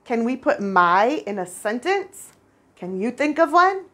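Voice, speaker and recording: A woman teaching first graders a spelling lesson, patient and clear, repeating each word for the children. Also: a little high, big pitch swings, unhurried, fairly bright tone. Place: international school.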